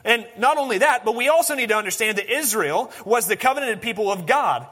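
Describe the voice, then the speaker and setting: Man preaching, fairly high voice, bright and forceful, long hall reverb. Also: a little fast. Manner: animated preaching, dropping to soft intense tones for emphasis. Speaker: pastor. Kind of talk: sermon.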